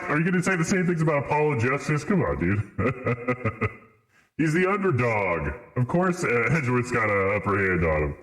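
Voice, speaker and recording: Animated streamer chatting with viewers. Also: male voice, mid-range voice, brisk. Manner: playful, laughing banter with chat. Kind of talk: live gameplay chat. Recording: roomy echo with music behind.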